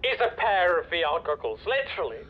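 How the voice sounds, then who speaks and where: Stammering phone caller. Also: male voice, sits high, very animated, fairly quick, lo-fi sound. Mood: flustered. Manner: stammering, flustered. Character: frantic man calling on the phone.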